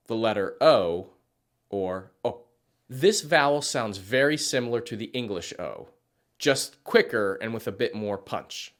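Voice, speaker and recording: A man, a former Spanish teacher, giving clear scripted narration that models words slowly and carefully. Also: mid-range voice, animated. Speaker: Spanish teacher for healthcare workers.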